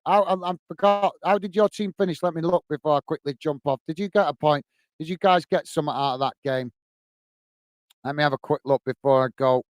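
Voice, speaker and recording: A man hosts a casual football live stream, reading viewer messages one at a time in a fairly high, smooth voice captured close on a dry mic with no room sound. Friendly throughout, he thanks everyone warmly and keeps calling each viewer "mate."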